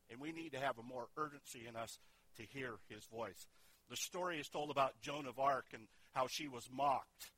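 Bright-voiced middle-aged male pastor preaching. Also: medium pitch, no room sound. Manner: conversational, asks the congregation questions. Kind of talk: sermon.

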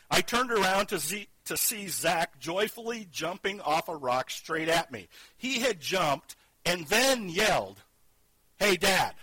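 A man preaching a sermon, earnest, moving between loud emphatic lines and quiet hushed ones. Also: on the high side, no echo, low-quality recording. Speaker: pastor.

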